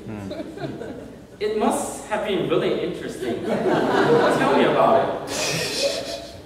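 A man's voice: on the high side, animated, moderate pace, heavy background noise, natural voice. A man voicing a nosy male best friend who coaxes and pries. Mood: teasing. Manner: coaxing and curious. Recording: echoey hall from far off.

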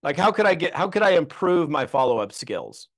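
A man's voice: fairly high pitch, very animated, fairly quick. A man, around his thirties, giving a casual training talk to a group as a network marketing trainer, telling stories with lots of fillers and restarts. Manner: self-deprecating storytelling.

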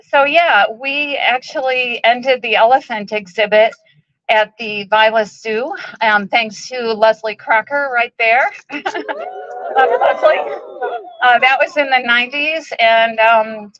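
A woman, the president of an animal rights group, gives an emotional, halting speech at an outdoor protest, with many ums. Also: a little high, steady tone, dull audio.

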